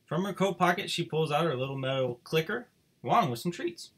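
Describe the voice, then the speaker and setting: A male teacher reads a children's novel aloud to his class, telling it in an expressive, storytelling way. His pitch swings widely, and his tone is bright and forward. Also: a little fast, breathy edge.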